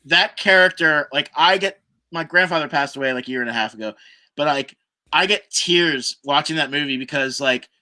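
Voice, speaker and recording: Casting note: male podcast guest, brisk and bright, who acts out the voices of the people in his stories. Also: on the high side. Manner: animated storyteller who acts out other people's lines. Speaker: guest musician. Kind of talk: casual podcast storytelling.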